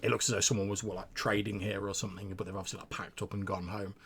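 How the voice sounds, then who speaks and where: A man's voice: deep voice, little pitch movement, rapid-fire, fairly bright tone, husky. A man narrating as game master, describing scenes with frequent stammered restarts.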